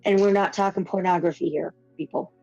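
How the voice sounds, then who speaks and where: A woman co-hosts a horror podcast in casual conversation, rambling with restarts and fillers. Her fairly low, dark-toned voice is brisk and fairly even, heard through dull lo-fi audio with faint music underneath.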